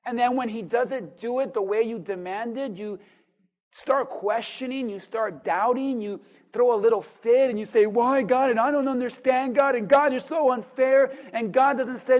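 A pastor preaching a sermon with dynamic swings between loud emphasis and quiet asides, full of rhetorical questions and call-and-response. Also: medium pitch, normal speed.

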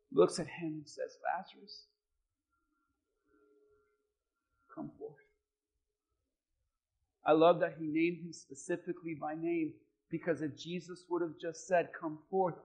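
A male pastor preaching a sermon, swinging from quiet scripture reading to shouted, fervent preaching. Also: a little high, husky.

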